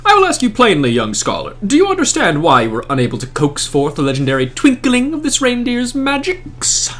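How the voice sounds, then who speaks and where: A man's voice: sits high, wildly swooping pitch, brisk, fairly bright tone, pitched above the performer's own voice, heavily acted. A man voicing a grand, theatrical male holiday saint from a game, making pompous proclamations. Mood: grandiose.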